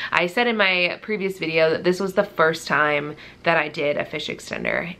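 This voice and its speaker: A woman's voice: fairly low pitch, a bit bright. A young adult woman chatting casually in a vlog as she shows off gifts one by one, gushing and chatty, with frequent fillers. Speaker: vlogger. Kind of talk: casual show-and-tell vlog.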